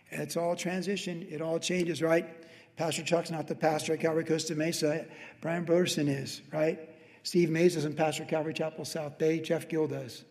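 Pastor preaching in an echoing hall. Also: male voice, on the high side, flat delivery, moderate pace, a little mellow. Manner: emphatic, conversational preaching with repeated restarts. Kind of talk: verse-by-verse Bible teaching. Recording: long reverb of a large hall.

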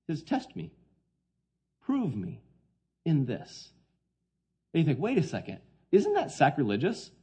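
Guy preaching a sermon, husky and kinda mellow, goes soft then gets loud and punchy. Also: fairly high pitch, huge pitch swings, a little slow, long pauses. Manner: dynamic, swings between quiet quoted lines and loud emphatic points.

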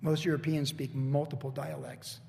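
Chatty pastor preaching in an echoing hall. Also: male voice, on the high side, normal speed, creaky. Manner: chatty, jokey asides, swings into excited emphasis. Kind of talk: conversational sermon. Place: church hall with evening congregation. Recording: long hall reverb.

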